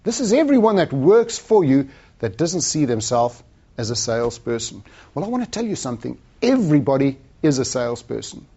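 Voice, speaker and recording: Man, motivational sales talk, animated storytelling, mellow voice, dull lo-fi sound. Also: medium pitch, fairly quick, slightly rough. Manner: animated storyteller acting out dialogue. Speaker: sales trainer and speaker.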